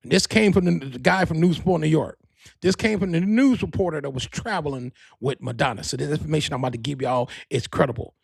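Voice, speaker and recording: A man hosting a podcast, telling gossip stories in a profane, rambling, animated way. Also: fairly high pitch, quick pace, creaky, breathy edge, no room sound, studio quality. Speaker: podcast host. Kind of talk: casual storytelling monologue.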